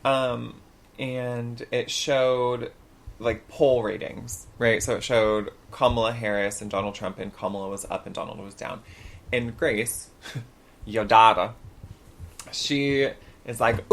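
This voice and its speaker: Animated storytelling man. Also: mid-range voice, slow pace, gravelly. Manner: animated storyteller, acts out quotes. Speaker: podcast co-host. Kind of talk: casual chat.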